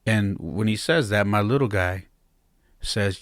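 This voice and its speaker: Low-voiced man telling a heartfelt story. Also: normal speed, fairly bright tone, no room sound, clean studio sound. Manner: heartfelt, candid, reflective. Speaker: podcast host. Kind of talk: personal storytelling.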